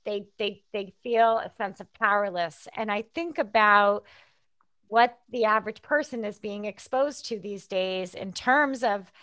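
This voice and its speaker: A woman hosting an interview, asking enthusiastic, animated questions. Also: mid-range voice, a little slow, smooth, dry recording. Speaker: interview host. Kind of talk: interview conversation.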